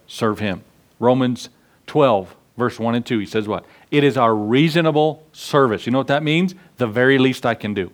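Middle-aged male pastor, slightly high voice, earnest conversational sermon with rhetorical questions.

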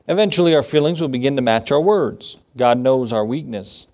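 An American pastor preaches to his church conversationally, talking with them rather than at them, often laughing and acting out little asides. His mid-range voice is expressive, fairly quick, and darkish in tone, sitting right in the middle for a man.

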